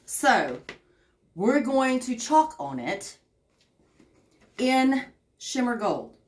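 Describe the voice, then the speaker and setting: Southern lady chatting thru a craft livestream, kinda high voice, takes her time. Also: very animated, very slow. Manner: chatty, greets viewers by name, laughs often. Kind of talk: casual craft livestream chat. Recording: echoey room.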